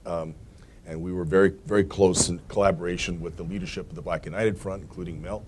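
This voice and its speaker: A man's voice: low-pitched, steady tone, fast talker, darkish tone. A man on a forum panel recalling his early work, wry and self-correcting.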